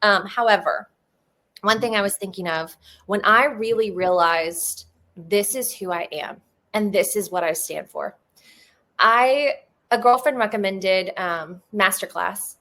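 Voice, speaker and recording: An earnest woman speaks as a guest in a relaxed interview, her voice at a middle pitch. She tells personal stories with a lot of feeling, and her words tumble out in a quick flow full of fillers. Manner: earnest, emotional, fast-flowing storytelling with many "like"s. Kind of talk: casual interview conversation.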